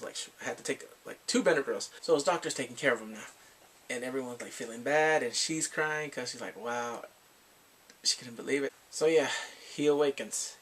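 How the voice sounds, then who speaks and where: A man's voice: medium pitch, fairly bright tone, breathy edge. A man casually recapping drama episodes, rambling and filling his talk with "like" and acted-out quotes. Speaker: drama reviewer.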